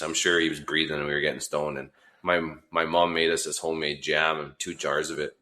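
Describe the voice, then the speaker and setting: Man, from Northern BC, hunting guide, casual storytelling, laughs often, swears, low-ish bright forceful voice. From Northern British Columbia, Canada. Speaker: guest, hunting outfitter.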